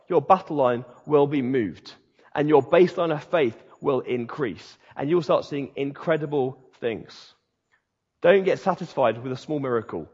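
A man preaching a sermon as the pastor, rousing and punchy, dropping low and quiet and then building up loud with repeated phrases. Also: slightly rough. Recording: dull sound with long hall reverb.

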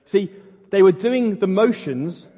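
A man preaching a passionate, emphatic sermon as pastor of his church, with dramatic pauses. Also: sits high, lively intonation, slightly rough. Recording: dull sound in a hall with long reverb.

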